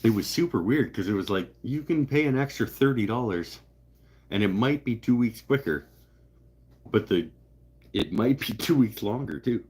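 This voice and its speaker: A man's voice: mid-range voice, expressive, normal speed, darkish tone, slightly rough. A man hosting a live stream, chatting casually and joking as he rambles through viewer comments. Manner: rambling, joking, self-interrupting. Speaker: livestream host.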